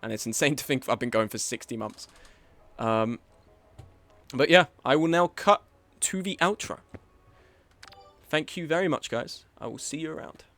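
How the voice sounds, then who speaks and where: A young man streaming a game live, frustrated and swearing, swinging between low muttering and loud outbursts. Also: normal speed, long pauses, faint music behind.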